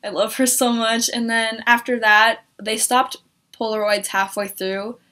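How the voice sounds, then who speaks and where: Bright-voiced young woman gushing. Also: level tone, a little slow. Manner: gushing, swears a lot, acts out quotes in a high voice. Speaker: vlogger. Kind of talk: excited story time vlog.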